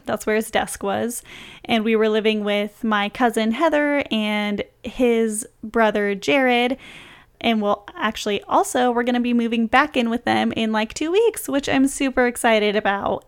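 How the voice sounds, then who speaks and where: A woman's voice: on the high side, clean tone. A young adult woman telling a personal story in a casual, bubbly way, laughing often as she retells it. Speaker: vlogger. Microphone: close mic, reading from a journal.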